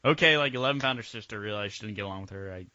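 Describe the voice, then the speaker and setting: A man's voice: on the low side, racing, pushed and bright, no room sound. A man co-hosting a casual podcast review, ranting with lots of fillers and swearing. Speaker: podcast co-host. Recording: dull lo-fi sound.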